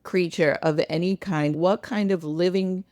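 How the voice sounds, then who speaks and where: A woman hosting a reflective self-help talk, guiding the listener in a playful, warm-hearted way. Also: fairly low pitch, steady tone, a little slow. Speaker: host.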